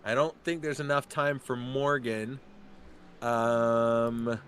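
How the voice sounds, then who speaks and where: Excitable bright-voiced male race commentator. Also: mid-range voice, slight background noise. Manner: chatty, excitable, quick to laugh. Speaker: sim racing commentator.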